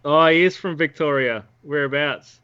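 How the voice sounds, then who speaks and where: A blunt, joking man with a bright, forceful voice who swears freely. He comes through a dull, lo-fi microphone. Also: a little high, moderate pace, clear, resonant tone. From Australia. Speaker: stream guest. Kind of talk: casual stream chat.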